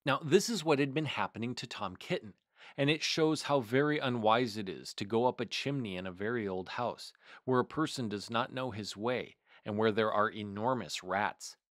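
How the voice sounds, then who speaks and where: A man hosting a storytime, reading a picture book aloud in a measured, expressive way. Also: mid-range voice, dry recording, studio quality. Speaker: storytime host.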